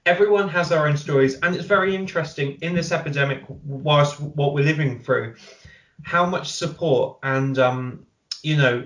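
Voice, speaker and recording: A man's voice: on the high side, fairly bright tone. A British man co-hosting a podcast, reading listener messages aloud and chatting earnestly. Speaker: podcast co-host. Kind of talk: reading listener feedback, casual chat. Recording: roomy echo.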